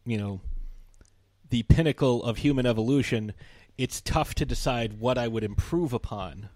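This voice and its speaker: A man in casual podcast chat, joking in a deadpan way. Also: mid-range voice, moderate pace, no echo, clean studio sound. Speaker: podcast co-host.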